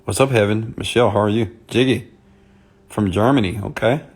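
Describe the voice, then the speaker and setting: Guy talking low and soft on a live stream, chatty, saying hi to people, kinda deep voice. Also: fairly quick. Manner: soft, intimate on purpose; chatty, greets commenters by name. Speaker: motivational speaker. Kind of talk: live-stream talk to viewers.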